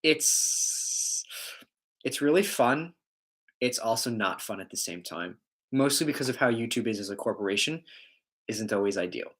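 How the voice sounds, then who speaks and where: Guy rambling on a casual livestream, reading chat out loud, jokey, laughs a lot. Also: mid-range voice, lively intonation, normal speed, long pauses. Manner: rambling, joking, laughs often.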